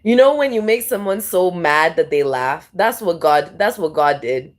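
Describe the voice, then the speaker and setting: A woman's voice: lowish voice, lively intonation, slow. A woman tarot reader chatting casually to her viewers, giggly and exclamatory, with lots of repeated exclamations. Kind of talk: casual chat to camera.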